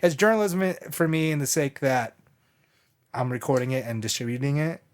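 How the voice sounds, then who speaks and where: A man's voice: medium pitch, animated, a little fast. A man hosting a podcast in casual chat, rambling and joking, often correcting himself mid-sentence. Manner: rambling, jokey, self-correcting. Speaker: podcast host.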